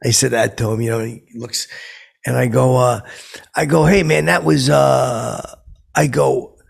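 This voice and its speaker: A deeply gravelly, husky voice belongs to a boastful, clueless washed-up stand-up comic, played by a man. He rambles on, stumbling over his words and quoting his own lame jokes. His talk is loose and meandering, full of fillers. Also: steady tone, a little slow, full character voice. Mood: rambling. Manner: rambling, stumbling, with many fillers and self-quotes. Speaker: character comedian telling a story. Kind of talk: improvised comic monologue.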